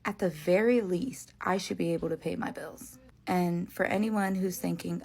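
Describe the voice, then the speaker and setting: A woman makes her case in a firm, indignant way. Her voice is low and has a gravelly edge. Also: moderate pace, a little mellow. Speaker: healthcare worker. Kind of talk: frustrated monologue to camera.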